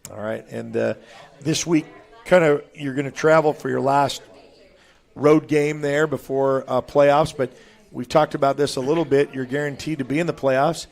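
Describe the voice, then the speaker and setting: Gravelly-voiced sports show host. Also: male voice, mid-range voice, fairly even intonation, normal speed, darkish tone. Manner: chatty, asks players questions, trails off. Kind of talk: casual interview. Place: restaurant in a mall.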